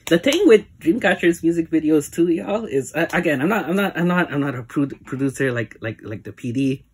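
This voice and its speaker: Excitable reactor with a lively voice. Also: medium pitch, fairly quick, breathy edge. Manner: excitable, says "y'all" constantly, laughs often. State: sweaty and teary after the video. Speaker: music video reactor. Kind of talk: excited casual reaction commentary. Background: music video playing.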